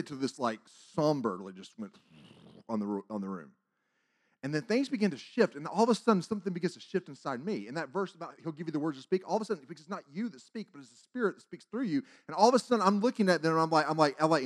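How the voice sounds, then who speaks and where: A man preaching a testimony as a sermon, telling his story with acted-out dialogue and big swings between loud and hushed. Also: high-pitched, lively intonation, fast talker.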